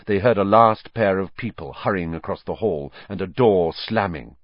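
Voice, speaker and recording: A man narrating a storybook in an expressive, varied reading. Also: low voice, moderate pace, no room sound. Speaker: audiobook narrator. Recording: dry, slightly muffled recording.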